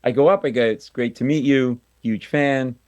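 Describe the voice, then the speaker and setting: A man's voice: mid-range voice, moderate pace, a little mellow, no echo. Guy telling a funny story on the radio, self-mocking, does the voices, dry close sound. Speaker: comedian guest.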